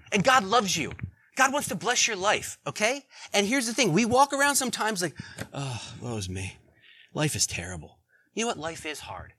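A man preaching a sermon in a conversational way, asking the congregation questions and swinging between loud emphasis and quiet asides. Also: high voice, breathy edge. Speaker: pastor.

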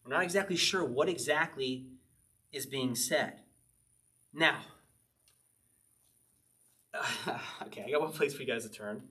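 A man preaching a conversational sermon, teaching verse by verse, slowing down to read scripture aloud and chuckling now and then. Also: medium pitch, sharp tone, distant mic. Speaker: pastor.

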